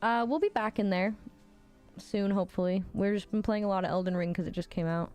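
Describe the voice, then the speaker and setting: A woman's voice: medium pitch, a little fast, darkish tone, clear, resonant tone, soft background music. A woman in her thirties livestreaming, chatting casually with viewers and reading their messages, blunt and swearing freely with frequent laughs.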